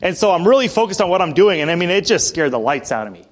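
A male preacher giving a sermon in a conversational storytelling way, often clearing his throat. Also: sits high, sing-song, quick pace. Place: church building.

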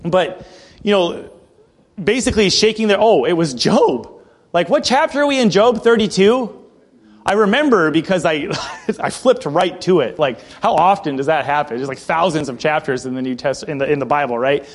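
High-voiced man preaching a sermon. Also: lively intonation, normal speed. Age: adult. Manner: conversational, reads scripture then explains with asides. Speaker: pastor. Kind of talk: expository sermon.

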